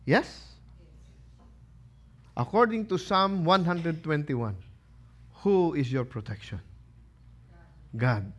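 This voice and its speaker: Bright, high-voiced pastor preaching. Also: male voice, takes it slowly, long pauses. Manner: asks the congregation questions and answers them; emphatic, animated preaching. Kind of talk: sermon.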